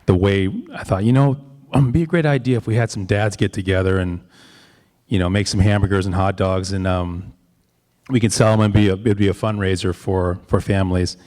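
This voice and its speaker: A man who chairs a board committee, speaking in a relaxed, chatty, joking way at a school member forum. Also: low voice, a little fast, big-room sound. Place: large hall at a school forum.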